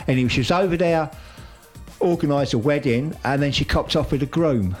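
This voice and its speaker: A man's voice: fairly high pitch, fairly quick, soft background music. A man in casual radio chat, rambling through a soap opera recap with slangy asides. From United Kingdom.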